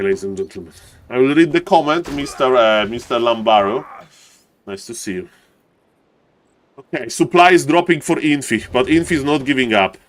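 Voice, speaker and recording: A man casting a live strategy game match in English, which is not his first language, with bursts of shouting at big plays and joking asides to chat. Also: medium pitch, slight background noise. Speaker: esports caster.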